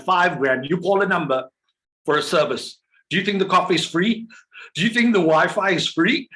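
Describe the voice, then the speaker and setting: A male business coach, delivering a motivational sales talk. His voice sits a little on the high side. He drives his points with rhetorical questions and playful little voices for the people he quotes. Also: expressive, moderate pace, a bit bright.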